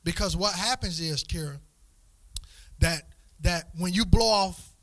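A man's voice: high voice, pushed and bright, no echo. A man teaching young people at church in a casual, playful way, stumbling over repeated words and asking them questions. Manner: repeats words in quick restarts, asks the group questions.

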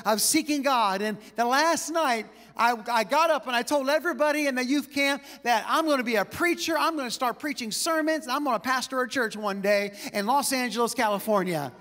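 High-voiced man preaching in a reverberant hall. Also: bright, forceful tone. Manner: storytelling with quick asides and light laughs. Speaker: pastor. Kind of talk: sermon. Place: church auditorium with long reverb.

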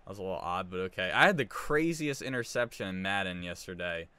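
Bright, chatty male gamer. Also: deep voice, lively intonation, fast talker. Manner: chatty, talks to viewers while playing. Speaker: gaming video host. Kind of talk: casual gameplay commentary.

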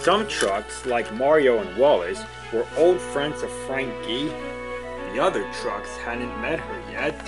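A man's voice: medium pitch, animated, slow pace, loud music behind the voice, poor audio. Man narrating a children's story.

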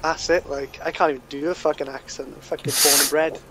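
A man's voice: fairly high pitch, fairly even intonation, quick pace, fairly bright tone, slight background noise. A man in a crude, sweary podcast banter, cackling at his own jokes. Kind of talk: casual banter.

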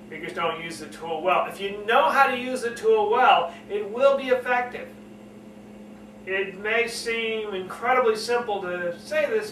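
A man with a high, bright voice coaches public speaking and earnestly repeats his key points. He keeps showing how to drop his voice low and slow it down. The recording is roomy and set back from the mic, with a faint hiss behind it. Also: recorded from a distance. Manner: earnest, repetitive, demonstrates lowering and slowing his voice. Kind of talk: spoken lesson to camera.

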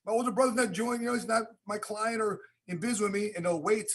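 A man's voice: high-pitched, fairly even intonation, fast talker, fairly bright tone, husky. A man hosting a podcast, reacting and encouraging his guest in casual chat. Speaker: podcast host.

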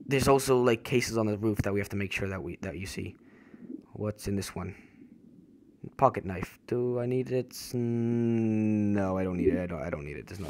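A man's voice: lowish voice, gravelly. A young man casually narrating a survival game as he plays, stumbling over and repeating his words, then jumping at sudden scares. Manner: jumpy reactions to in-game scares. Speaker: gaming channel host. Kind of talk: casual let's-play commentary. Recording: voice over noisy game sound.

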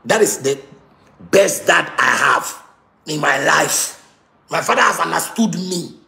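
Heated Ghanaian man, high gravelly voice. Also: lively intonation, unhurried, pushed and bright, roomy sound. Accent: Ghanaian Pidgin English. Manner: heated, repetitive, stammering outbursts. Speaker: musician. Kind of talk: angry rant.

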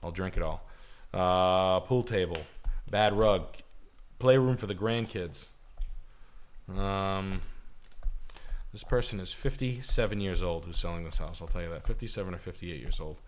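A man's voice: low-pitched, unhurried, long pauses. A man co-hosting a livestream, rambling and profane as he gives blunt opinions on houses and cars. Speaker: co-host. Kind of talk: livestream casual chat.

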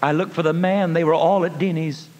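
High-voiced preacher with folksy storytelling. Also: male voice, steady tone, fairly quick, highs cut off, slight background noise. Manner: folksy, calls listeners honey, builds to shouted praise. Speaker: evangelist. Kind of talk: sermon storytelling. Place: church. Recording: long reverb of a church hall.

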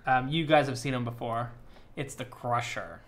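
A man's voice: mid-range voice, normal speed, fairly bright tone, slight background noise. A man narrating as game master of a tabletop game, in casual, filler-heavy narration.

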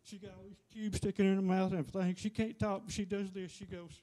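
A man giving a halting, plainspoken personal testimony to a church. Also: high-pitched, flat delivery, warm tone.

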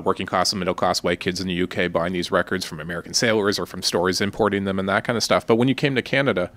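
Low-voiced male podcast host. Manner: relaxed, curious, with many fillers. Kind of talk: casual interview.

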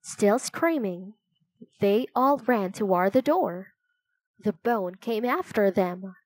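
A woman reading a children's chapter book aloud, telling it slowly and clearly. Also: mid-range voice, animated, darkish tone, no room sound, low-quality recording. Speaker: storybook narrator.

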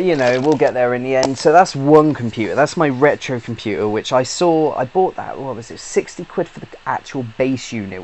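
A British man in a middle-pitched voice chats through a rambling update, full of fillers, restarts and casual swearing. A faint hiss of noise sits under the recording. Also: low-quality recording. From Britain. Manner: chatty and swears freely, with many fillers and restarts. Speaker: YouTube gamer.

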